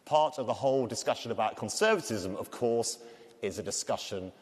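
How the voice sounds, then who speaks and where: A man's voice: medium pitch, lively intonation, fairly quick. A man with a Scouse accent moderating a conference panel, jokey and self-deprecating. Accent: Liverpool (Scouse). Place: large conference hall. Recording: long hall reverb.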